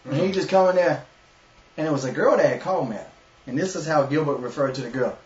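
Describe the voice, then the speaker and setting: This webshow host has a Southern US accent and a voice on the high side, talking fast amid crowd noise. He laughs through a long, profane, animated story in casual chat, recorded on an echoey, lo-fi room mic from a distance.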